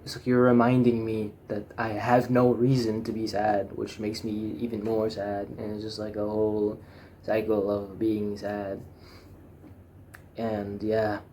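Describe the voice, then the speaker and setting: Young guy venting, rambly and swears a lot, lowish voice, faint room hum behind. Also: level tone, moderate pace, darkish tone. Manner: rambling, frank and swearing, with many fillers and restarts. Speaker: vlogger. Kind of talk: casual personal monologue.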